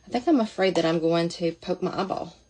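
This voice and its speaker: A woman's voice: lowish voice, brisk, a little mellow. A woman talking casually through a makeup demonstration, chatty and thinking aloud as she goes. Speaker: makeup seller demonstrating products.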